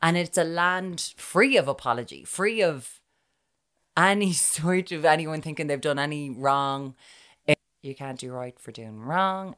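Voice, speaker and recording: An Irish woman co-hosting a podcast in relaxed conversation. Her voice sits low for a woman, and she tells her stories with a wry, self-deprecating edge. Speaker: podcast co-host. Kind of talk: casual chat.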